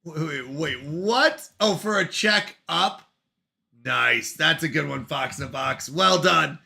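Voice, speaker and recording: A man in his thirties with a high, very bright voice, hosting a casual live stream. He reads viewer messages aloud and answers each one with quick, animated reactions, thanking people and apologizing for falling behind. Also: creaky. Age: 30s. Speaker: streamer reading chat.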